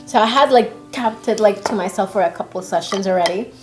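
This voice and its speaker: A woman's voice: medium pitch, quick pace, soft background music. A young woman guest chatting casually, telling stories with lots of energy and acting out the voices of the people she quotes. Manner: animated storyteller, acts out quoted voices, laughs often. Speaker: podcast guest. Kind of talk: casual chat.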